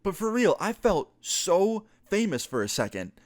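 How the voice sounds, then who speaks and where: A man and gaming YouTuber telling a storytime vlog in an animated way, swearing casually. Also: sits high, unhurried, dry recording, clean studio sound.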